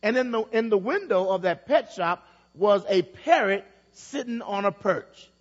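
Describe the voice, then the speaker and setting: Preaching a sermon in a church, a male pastor with a high voice spins a story and repeats phrases for emphasis, his intonation lively and his pace unhurried. The big hall gives his voice a long echo, and the recording sounds dull and muffled.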